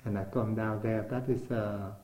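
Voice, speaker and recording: An older Vietnamese man with a Vietnamese accent speaks English as a second language in a lowish, mellow voice, steady in tone and at normal speed, with roomy echo. As an interviewee, he tells his life story in conversation, acting out remembered dialogue and repeating words while searching for them.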